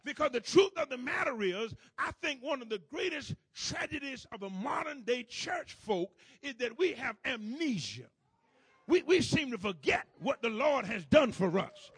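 High-voiced husky man preaching a sermon. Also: sing-song, normal speed, no room sound. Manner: repetitive call-and-response preaching, building to shouts. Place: church service with congregation.

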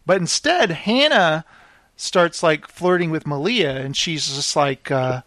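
A man retelling a reality-show scene in casual commentary, mocking the people in it and slipping into quick voices for them. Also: on the high side, expressive, fairly bright tone, no echo. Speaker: reaction video host.

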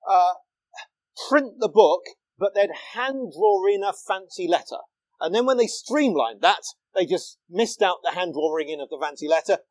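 A man giving a public lecture, explaining in a lively way and asking rhetorical questions. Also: high voice, low-quality recording. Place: lecture hall.

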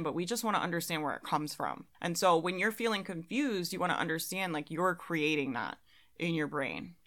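A woman's voice: on the low side, a bit bright. A young adult woman talking casually as a business coach, laughing now and then at her own examples. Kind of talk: casual monologue.

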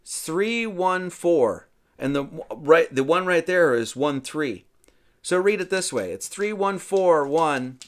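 A man's voice: a little high, expressive, takes it slowly. A man hosting a podcast, casually walking through a film scene and thinking aloud with frequent restarts and asides. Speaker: podcast host.

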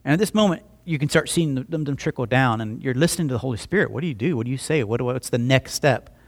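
Speaking fast with an expressive, medium-pitched voice, a man preaches a conversational sermon. As pastor he tells a story, voicing both sides of the exchange and frequently restarting on repeated words.

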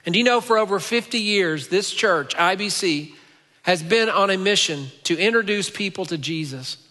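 Bright-voiced man preaching in a reverberant church. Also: sits high, animated, normal speed. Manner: storytelling, dropping to hushed tones at emotional moments. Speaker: pastor. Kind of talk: sermon. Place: church sanctuary. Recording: church hall with long reverb.

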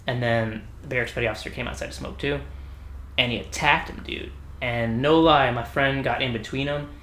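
A man spinning rowdy service stories in casual chat, his voice at a mid pitch. He jumps into the voices of the people he quotes, swearing and laughing as he goes. The room around him rings with echo. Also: a little fast, slight background noise. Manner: animated, acts out quoted people, swears freely, laughs often. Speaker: Navy veteran telling stories. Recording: echoey room.

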